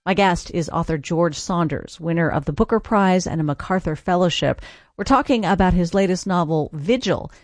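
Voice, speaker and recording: A male radio host reading a crisp, scripted guest introduction. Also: high-pitched, normal speed, no echo. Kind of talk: scripted show announcement.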